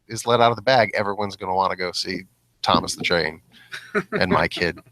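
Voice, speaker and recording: A man's voice: deep voice, brisk, bright, forceful tone, dry recording, low-quality recording. A young man hosting a casual comedy podcast, rambling and joking with many restarts. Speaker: podcast host.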